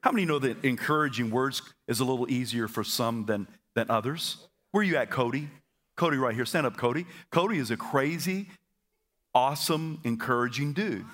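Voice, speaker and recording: A pastor preaches with energy to his congregation in a church auditorium, having them repeat phrases back. His voice is medium in pitch, and he stammers through repeats and makes quick asides.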